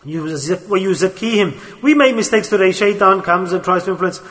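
A man's voice: high-pitched, moderate pace, fairly bright tone, long reverb tail. A man preaching a sermon in a mosque, earnest and exhorting, mixing Arabic and Urdu religious terms into his talk.

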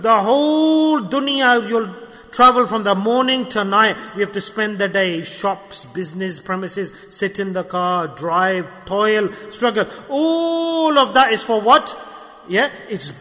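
Brief: impassioned male preacher, high bright voice, hall reverb. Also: expressive, normal speed. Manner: impassioned, acts out excuses in mocking voices. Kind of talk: sermon.

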